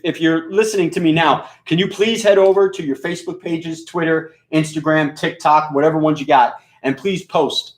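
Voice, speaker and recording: A man from New York with a mixed New York accent, a radio DJ chatting casually, rambling, profane and joking with lots of fillers. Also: fairly high pitch. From New York, USA. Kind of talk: casual live-stream chat. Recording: echoey room.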